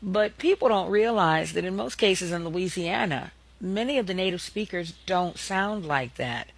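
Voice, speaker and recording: A man's voice: high voice, lively intonation, normal speed, creaky, rough recording. A man with a Southern American accent, from the American South, giving a confident, folksy explanatory monologue to camera. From Southern United States. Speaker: video creator.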